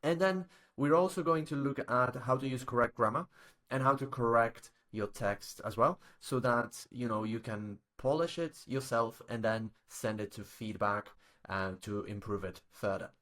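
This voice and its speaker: A man's voice: medium pitch, normal speed, fairly bright tone. Man teaching academic writing, checking in often. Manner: explanatory, frequent tag questions and fillers. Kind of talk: recorded online course lecture.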